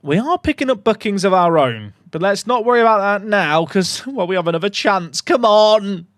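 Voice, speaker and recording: A young man streaming a football management game, commentating casually with sarcastic, excitable swings. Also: high voice, moderate pace, no room sound, clean studio sound. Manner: animated, sarcastic, swings between excitement and mock despair. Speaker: gaming streamer.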